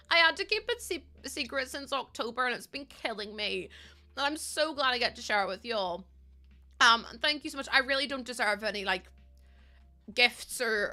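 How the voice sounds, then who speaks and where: A woman's voice: mid-range voice, sharp tone. A tired young woman, chatting casually with her viewers during a live game stream, giggly and rambling. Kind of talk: casual live-stream chat while playing.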